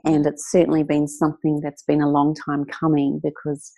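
A woman's voice: low voice, monotone, moderate pace, mellow. A woman hosting a podcast who asks questions and gives thanks as an appreciative interviewer. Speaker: podcast host. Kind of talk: interview talk.

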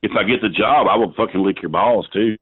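A drunk man answers a prank call and talks in a low, rambling voice full of curses. He comes through a thin, phone-like line that sounds flat and dry, with no room around it. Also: fairly quick, slightly rough, no echo. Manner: rambling, swears constantly.

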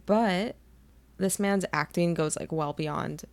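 Gravelly, giggly young woman co-host. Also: on the low side, takes it slowly. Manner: gushing fangirl, laughs often. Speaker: podcast co-host. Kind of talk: casual chat.

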